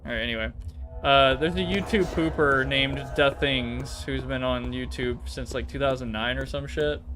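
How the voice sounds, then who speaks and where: Speaking at a normal speed in a mid-range voice, this man streams from home and chats casually. His talk is rambling and profane, with mock-dramatic readings thrown in.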